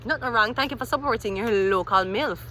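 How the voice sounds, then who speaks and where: A woman giving a rambling, animated tarot reading, thinking aloud as she turns cards. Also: on the high side, a little fast, slight background noise. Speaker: tarot reader.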